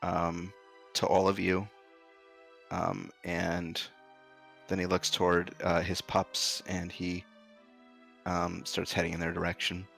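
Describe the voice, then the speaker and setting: Low-voiced man narrating a tabletop game. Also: slow, creaky, long pauses, faint music behind. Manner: relaxed narration with frequent ums and uhs. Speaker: game master.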